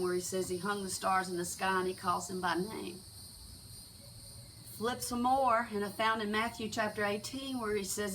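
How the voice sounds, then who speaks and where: Bright-voiced woman sharing her testimony. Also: mid-range voice, far from the mic, slight background noise, low-quality recording. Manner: halting, with frequent restarts and fillers. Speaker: testimony speaker. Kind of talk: personal faith testimony.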